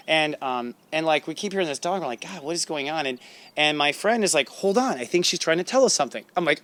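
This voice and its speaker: A man hosting a spiritual talk show, telling stories in a chatty, animated way, acting out quotes and laughing often. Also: a little high, fairly quick, dry recording. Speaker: podcast host. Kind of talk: casual storytelling monologue.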